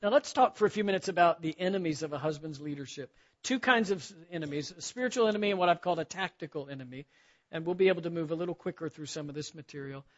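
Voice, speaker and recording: A man's voice: fairly high pitch, fast. A middle-aged man preaching to men in a church, telling self-deprecating stories with easy humor. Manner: self-deprecating storytelling with frequent laughs. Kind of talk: sermon to a men's gathering. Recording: dull lo-fi recording.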